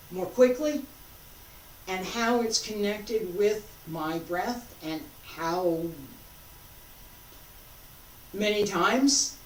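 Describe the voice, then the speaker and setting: A woman teaching a qigong class, calmly giving breathing and movement cues. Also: fairly high pitch. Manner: calm, guiding cues paced to breathing. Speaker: qigong instructor. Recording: echoey room, distant mic, faint noise.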